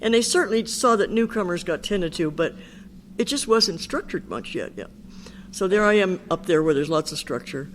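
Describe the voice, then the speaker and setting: A woman's voice: fairly low pitch, lively intonation, normal speed. Older woman, candid recovery-meeting speaker, chatty storyteller, faint background hiss. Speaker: Al-Anon speaker. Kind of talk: personal recovery talk.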